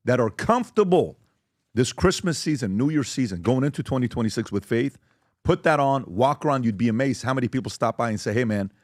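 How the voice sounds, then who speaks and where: A man's voice: mid-range voice, lively intonation, a little fast, no room sound, clean studio sound. A man hosting a podcast, upbeat and enthusiastic as he promotes merchandise. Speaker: podcast host. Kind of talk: casual podcast talk and promo.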